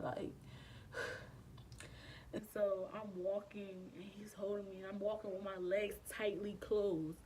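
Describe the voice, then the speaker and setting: A woman's voice: medium pitch, level tone, moderate pace, darkish tone, far from the mic, slight background noise, low-quality recording. A young woman, telling a painful personal story in a casual, emotional way, with frequent swearing and slang. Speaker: vlogger. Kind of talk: storytime vlog.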